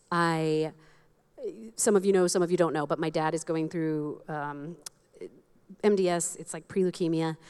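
Woman pastor preaching, lowish voice, candid, pokes fun at herself, faint music under it. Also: a little mellow, clean tone. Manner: candid and self-deprecating, laughs at herself. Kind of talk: sermon.

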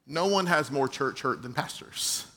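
A man preaching a sermon to his own church as its pastor, telling a personal story and swinging between quiet, soft passages and emphatic ones. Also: medium pitch, expressive, unhurried.

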